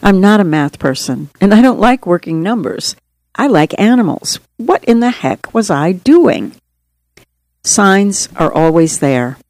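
A woman's voice: mid-range voice, very animated, unhurried, a little mellow, no echo. A middle-aged woman reads her own memoir aloud in a plain, earnest, straightforward way. Her voice sits in a middle register for a woman. The recording is dry and close, with no room sound. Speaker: author narrating her memoir. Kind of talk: audiobook memoir narration.

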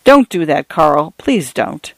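Man voicing a ranch mother, quiet and firm with a warning edge, dry close sound. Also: on the high side, very animated, takes it slowly, vocal fry, no echo, full character voice.

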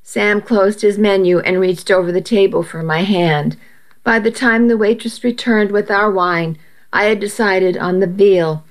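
A woman narrating a first-person story aloud in a steady, measured way. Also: mid-range voice.

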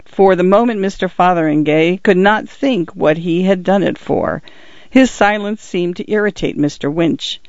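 A man's voice: high-pitched, normal speed, no echo. Man reading a story in a dry, muffled recording. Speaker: narrator. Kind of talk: scripted audiobook narration.

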